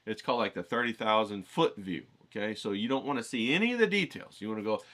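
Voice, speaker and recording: Brief: casual male vlog host, bright and forward tone, profane, chatty teaching style. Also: lowish voice, lively intonation, fast. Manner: rambling, profane, keeps checking in with "okay?". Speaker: writing challenge host. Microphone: filtered through a voice isolator.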